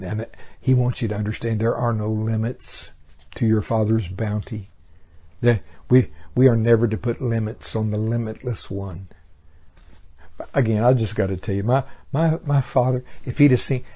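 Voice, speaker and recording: A man's voice: fairly low pitch, fairly even intonation, moderate pace, dark tone. A man preaching a sermon in a folksy way, often chuckling at his own stories.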